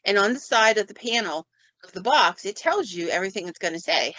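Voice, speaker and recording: A woman's voice: mid-range voice, a little fast, dry recording. Woman, paranormal investigator, casual podcast storytelling, acts out sounds, dull lo-fi sound. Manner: lively, acts out sounds and quotes. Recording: dull, dry lo-fi recording.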